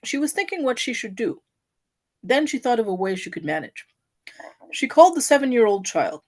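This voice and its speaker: Woman reading a devotional parable: earnest and expressive, with a fairly high, lively voice. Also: normal speed. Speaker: devotee giving an offering. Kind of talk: reading a devotional story aloud.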